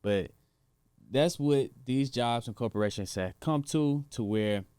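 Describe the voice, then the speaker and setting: A man's voice: medium pitch, unhurried, dark tone, smooth, no room sound, clean studio sound. Slangy man giving casual commentary. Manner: slangy, emphatic, laughing. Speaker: host.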